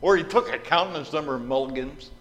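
A man's voice: on the high side, brisk, fairly bright tone, close to an everyday voice. A man preaching, voicing a middle-aged male pastor who patiently explains himself. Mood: reasoning. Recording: reverberant hall with faint hum.

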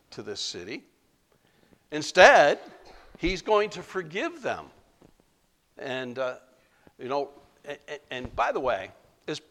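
Animated male preacher delivering a sermon; lively, swooping delivery, unhurried. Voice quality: animated, acts out quoted voices with big pitch jumps. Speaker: pastor.

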